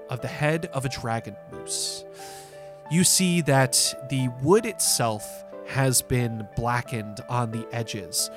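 A man narrating as game master in a tabletop role-playing session. He talks slowly and describes each scene in detail, pausing often on fillers. Faint music plays under his voice. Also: medium pitch. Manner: descriptive, many fillers and pauses.

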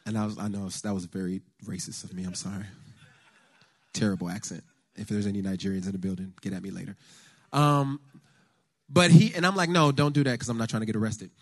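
An American man giving a conversational, faith-based talk on politics to a church lunch audience, telling stories with lively asides. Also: on the low side, fairly quick. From United States. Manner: animated storyteller, conversational with the audience.

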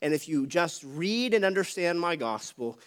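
High-voiced preacher teaching a sermon. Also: male voice, sing-song, normal speed, a bit bright. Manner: teaching, explains Greek words to the congregation.

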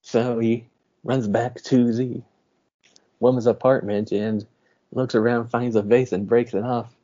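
A man's voice: mid-range voice, little pitch movement, unhurried, dark tone, dull audio. A man co-hosting a film podcast, casually recapping a plot with easy laughs. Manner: laid-back, laughing storyteller.

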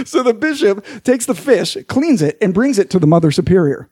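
A man telling jokes in a casual chat, animated and laughing through his punchlines. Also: high voice, normal speed, breathy edge, dry recording, studio quality.

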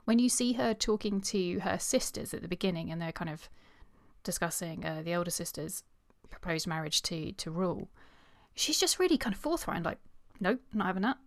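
A woman's voice: lowish voice, animated, brisk, vocal fry, dry recording, clean studio sound. A woman co-hosting a podcast, talking in a chatty way about a novel and often repeating words as she starts. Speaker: podcast co-host. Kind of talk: casual book discussion and reading aloud.

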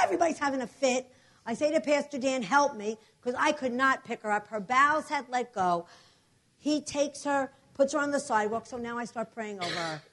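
A middle-aged woman preacher telling a testimony in a sermon, animated and acting out the voices and prayers of the people in her story. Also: high-pitched, moderate pace.

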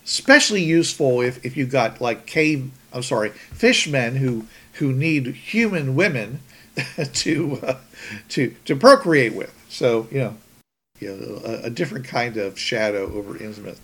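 A man's voice: medium pitch, expressive, a little slow, a bit bright. A man hosting a podcast in casual chat, rambling with many restarts. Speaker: podcast host.

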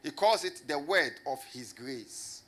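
A man preaching a sermon in a somewhat high voice. He leans hard on repetition and keeps asking the congregation questions. He slows right down to press home key words. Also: lively intonation, bright, forceful tone. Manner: emphatic, repeats phrases and asks the congregation rhetorical questions. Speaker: pastor.

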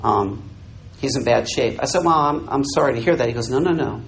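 A man's voice: mid-range voice, a little fast, reverberant, slight background noise, rough recording. An older man, a missionary preaching a sermon, telling a story and acting out the dialogue for his congregation. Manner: animated, acts out dialogue, jokes with audience.

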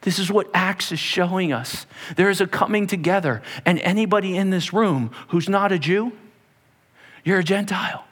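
Male pastor, high-pitched, animated storytelling sermon delivery. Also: moderate pace. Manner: animated, dramatic retelling with voiced characters. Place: church hall.

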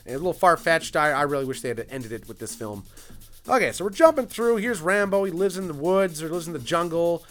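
Male film reviewer, slightly high voice, casual and profane, rambles and jokes through a movie recap over faint music. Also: lively intonation, brisk, fairly bright tone. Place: at a computer clicking through a film.

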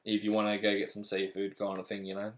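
A man's voice: fairly low pitch, completely flat delivery, fast talker, a crowd in the background. A man with an Australian accent in casual podcast chat, crude and full of swearing and laughter.

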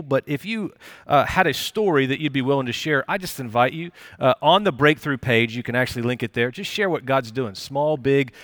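Bright-voiced man preaching a sermon. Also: medium pitch, no room sound, studio quality. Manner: conversational, encouraging, many fillers and restarts. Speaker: pastor. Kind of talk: live sermon. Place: church service.

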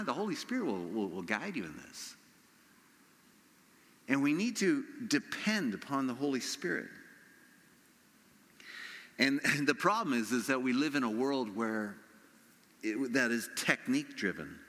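A man preaching a conversational sermon as pastor, lively and acting out quoted voices. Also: a little high. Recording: long reverb of a hall.

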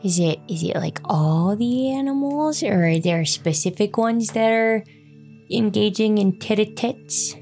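A woman's voice: mid-range voice, unhurried, mellow, faint music behind. A woman playing in a tabletop role-playing game, chatting casually. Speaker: player. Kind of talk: casual chat.

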